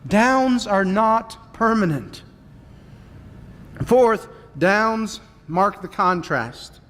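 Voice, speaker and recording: Male preacher, high voice, measured and repetitive delivery, long church reverb. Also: lively intonation, fairly bright tone. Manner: measured, repeats key points, asks the congregation questions. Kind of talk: sermon. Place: church sanctuary.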